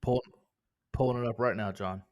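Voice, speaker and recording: Male podcast co-host, joking, upbeat, mid-pitched, reads listener reviews. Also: fairly even intonation, normal speed. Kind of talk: casual chat, reading reviews aloud.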